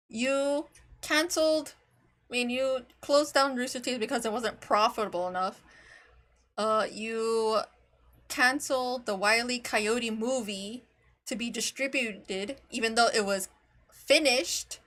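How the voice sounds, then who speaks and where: Chatty woman streamer, slightly high voice. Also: measured pace, a bit bright. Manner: chatty, rambling, laughs often, talks to her cat. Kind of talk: casual live-stream chat, reacting to videos.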